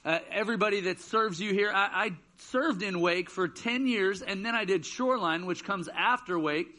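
A man's voice: high voice, moderate pace, bright, forceful tone. A man in his thirties giving a casual youth sermon in church, telling jokey stories. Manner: casual, joking storyteller. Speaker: student ministry speaker. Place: church auditorium.

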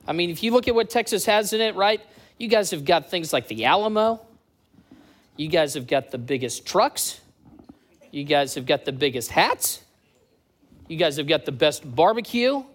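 A man's voice: a little high, normal speed, pauses often. A man in his late thirties, a church community director from the US East Coast, telling stories and bantering with a church crowd. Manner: lively storytelling with crowd banter.

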